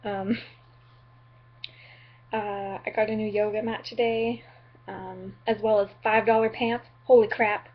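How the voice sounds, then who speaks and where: A woman's voice: mid-range voice, flat delivery, a little slow, pauses often, breathy edge, dull audio. A young woman from the Upper Midwest chatting in a goofy, apologetic, rambling way on her vlog, full of ums and likes. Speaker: vlogger.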